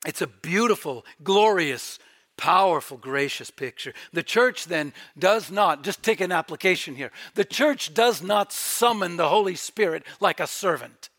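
Male pastor, middle-aged, bright and forceful tone; emphatic sermon delivery with shouted peaks. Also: high voice, expressive, a little slow. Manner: emphatic, builds to shouting peaks then drops to quiet.

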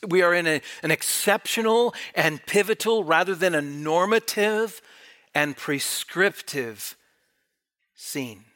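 A man's voice: high voice, bright, forceful tone. A man preaching a sermon, reading scripture aloud and pressing the congregation with emphatic rhetorical questions.

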